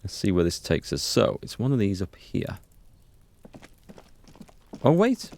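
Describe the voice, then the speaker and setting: Chatty man, low and dry. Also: huge pitch swings, a little mellow, no room sound. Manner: chatty, musing, quick to exclaim. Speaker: let's play host. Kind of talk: gameplay commentary and reading.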